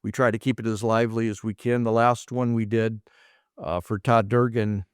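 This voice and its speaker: A middle-aged American martial arts instructor rambles casually through anecdotes, acting out the dialogue he quotes. His voice is on the low side, level and moderately paced, clear and resonant. The recording is studio quality with no room sound.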